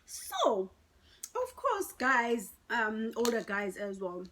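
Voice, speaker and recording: Lady vlogging a storytime, talks to the guys, kinda high voice, very dramatic. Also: huge pitch swings, slow, noisy background. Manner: chatty, dramatic, addresses viewers as guys. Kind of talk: storytime vlog.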